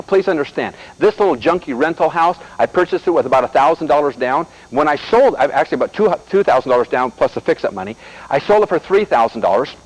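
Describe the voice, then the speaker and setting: Fast-talking American man teaching a seminar. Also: fairly high pitch, poor audio. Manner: animated storyteller addressing the audience directly. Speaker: seminar speaker. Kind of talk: motivational seminar talk.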